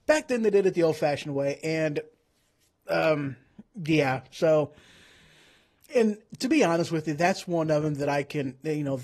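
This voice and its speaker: Male stream host with a slightly raised pitch, rambling and self-deprecating, feeling a cold coming on. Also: darkish tone. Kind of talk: casual livestream chat about the Bible.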